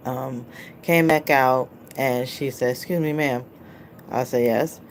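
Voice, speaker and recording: Very low-voiced woman telling a story. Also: steady tone, slow, slight background noise. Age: adult, mother of a child. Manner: rambling, filler-heavy, recounts dialogue. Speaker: vlogger. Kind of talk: casual storytelling to camera.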